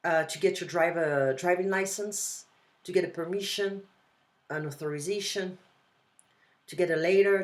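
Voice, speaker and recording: Woman, French accent, deep voice, tutor, casual online lesson, video call, patient repeated examples. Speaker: language tutor.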